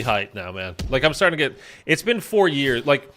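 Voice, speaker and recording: A man's voice: fairly high pitch, sing-song, moderate pace, bright, forceful tone. A man chatting casually while he plays a zombie shooter, rambling with lots of fillers. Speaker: gaming YouTuber. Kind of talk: casual gameplay commentary.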